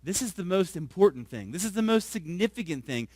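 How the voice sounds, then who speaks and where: A male pastor preaching a sermon. He keeps asking the congregation questions, tags his points with "right?", and swings from soft, low asides to loud emphasis. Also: sing-song, fairly quick, few pauses, dry recording, studio quality.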